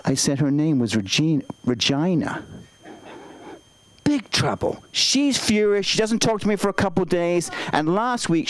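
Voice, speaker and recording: A man's voice: medium pitch, low-quality recording. A man doing open-mic stand-up, chatty, rambling and self-deprecating. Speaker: stand-up comic.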